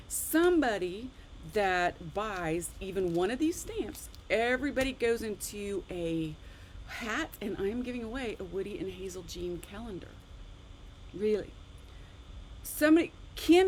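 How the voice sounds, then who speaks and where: A chatty woman hosts a live online craft class, her voice swinging widely in pitch as she shows off her cards. She talks in an animated, exclamatory way. A faint hum of room ambience sits behind her. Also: a little slow, low-quality recording. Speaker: card-making instructor.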